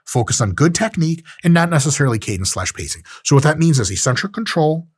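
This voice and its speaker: This strength coach talks fast in a husky voice on the high side, recorded in clean studio sound with no room noise. His lifting-technique lecture is casual, profane and joking, and he animatedly acts out little scenes along the way.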